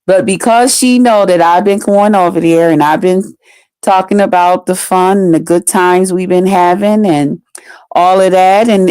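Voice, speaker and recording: A woman's voice: fairly low pitch, a little mellow, clean tone, dry recording. A woman ranting as a vlogger in a casual storytime, heated and full of profanity. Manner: profane, heated, drawn-out delivery.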